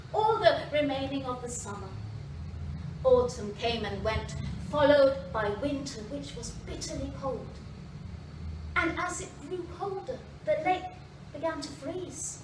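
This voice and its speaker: A woman storyteller performing a fairy tale live in a library, expressive, with dramatic pauses and voiced sound effects. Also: high-pitched, noisy background. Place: library event space, indoors. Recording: echoey room from a distance.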